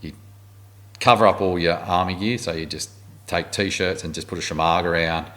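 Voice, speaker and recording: This Australian army warrant officer, middle-aged, has a low-sitting voice and a moderate pace. Swearing freely, he relates his war stories bluntly and animatedly during a relaxed interview.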